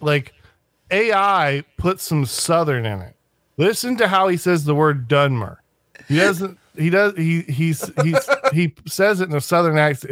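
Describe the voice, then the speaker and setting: A man in casual podcast talk has a voice a bit higher than most and a bit bright, recorded dry and close with no room sound. He rambles, restarts often and drops sneering asides.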